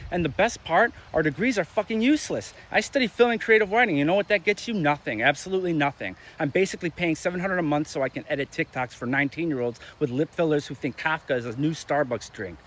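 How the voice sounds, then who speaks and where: A young man delivering a crude, sarcastic comedic rant, exasperated and animated, with sudden loud spikes. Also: on the high side, fast, few pauses. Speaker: ranting commentator.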